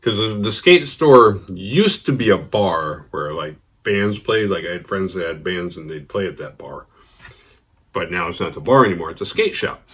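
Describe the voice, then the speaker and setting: A man hosting a horror movie channel, telling a rambling, profane story casually and getting animated when he quotes others. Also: sits low, normal speed, breathy edge. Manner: rambling, profane, restarts mid-sentence. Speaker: horror movie review host.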